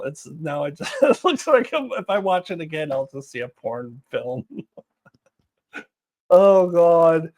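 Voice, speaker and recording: A woman giving a casual spoken review of a TV show, animated and exasperated, often breaking into laughter as she talks. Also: lowish voice, gravelly.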